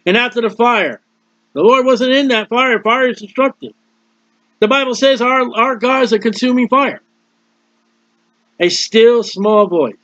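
High-voiced preacher, dull dry sound. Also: male voice, unhurried, pauses often, a bit bright, dry recording. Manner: explains scripture plainly, reading and acting out the verses. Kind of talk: sermon.

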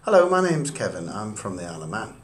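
A man's voice: on the low side, big pitch swings, slight background noise, voice pushed down. A man reading lines as a young island father. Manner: read out quickly and plainly from a script.

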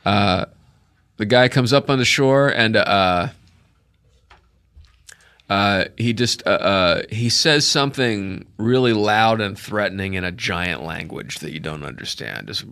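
A man narrates a tabletop adventure as game master. His voice is low-set but bright and forceful, and he wanders through his sentences with lots of fillers. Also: slow, smooth. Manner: rambling, full of uh fillers.

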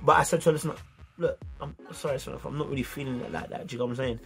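A young British man telling a story to camera in casual slang, animated and acting out the dialogue. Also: medium pitch, very fast, creaky, soft background music. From United Kingdom. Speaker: vlogger.

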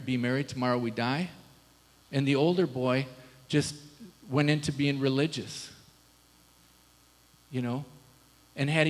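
Man preaching in a reverberant church. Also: on the high side. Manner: conversational preaching with rhetorical questions to the congregation. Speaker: pastor. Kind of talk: sermon. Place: church sanctuary.

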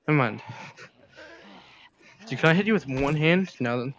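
A man's voice: fairly high pitch, lively intonation, moderate pace, muffled recording. A man playing a zombie video game, narrating his moves and panicking aloud at the game. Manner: panicky, exclaiming, talks to the game. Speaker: gamer. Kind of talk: let's play commentary.

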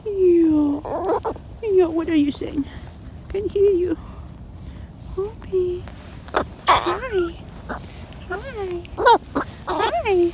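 A woman's voice: very high-pitched, extremely slow, pauses often, slight background noise. A woman vlogger talking to her pet bird in playful baby talk and to her viewers in a casual way.

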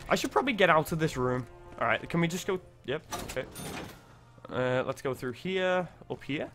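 A young man, giving excitable, sweary gameplay commentary, yelping when startled. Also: on the high side, moderate pace, soft background music. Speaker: gaming video creator.

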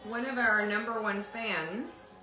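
A woman's voice: medium pitch, slow pace. A woman signing autographs on a livestream, chatting casually with teasing asides. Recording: roomy echo with faint music.

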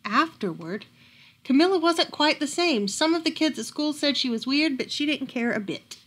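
A woman reading a picture book aloud at a library storytime, expressive and lively. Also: high-pitched, moderate pace.

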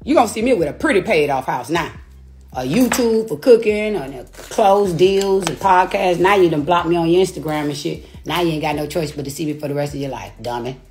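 Speaking briskly and expressively, a woman with a low-pitched, darkish voice delivers a taunting, profane livestream rant from her rented house. She laughs between her insults, and soft music plays in the background.

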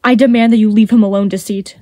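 A woman's voice: mid-range voice, steady tone, normal speed, mellow, no echo, clean studio sound, natural voice. A woman voicing a cold, logical young man in a storybook reading, speaking hard and demanding.

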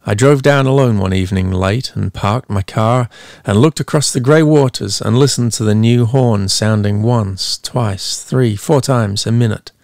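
A man with a low voice and a gravelly edge narrates a story. His reading is measured and dramatic. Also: darkish tone, no room sound, clean studio sound. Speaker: audiobook narrator.

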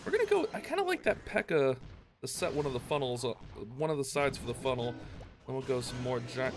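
A man giving rambling, self-mocking commentary on his own gameplay for a video, with excited outbursts. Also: medium pitch, brisk, soft background music. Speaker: gaming YouTuber.

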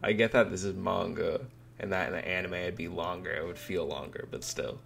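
A man's voice: deep voice, steady tone, brisk, creaky, fairly bright tone, slight background noise. A man giving casual, cursing, wry reaction commentary while reading a manga. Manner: cursing, wry, laughs at the story.

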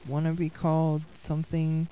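Puss in Boots, a woman doing a mellow laid-back cartoon tomcat. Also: sits low, completely flat delivery, smooth, pitched below the performer's own voice, lightly acted, rough recording. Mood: easygoing. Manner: rambling, halting, chuckling. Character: easygoing laid-back male cartoon cat. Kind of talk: fan-made cartoon voice acting.

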